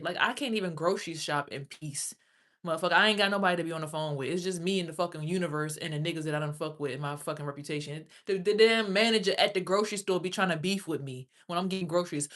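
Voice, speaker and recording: A woman chats on a livestream in a loose, rambling way and swears freely as she talks straight to her viewers. Her voice sits on the low side. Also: fast, fairly bright tone. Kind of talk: casual livestream chat.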